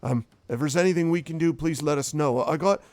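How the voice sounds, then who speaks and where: A man's voice: on the high side, a little mellow, no echo, voice pushed up, close to an everyday voice. A man voicing a nervous, grateful male dwarf who stammers and halts as he speaks. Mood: nervous thanks. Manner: stammering and halting.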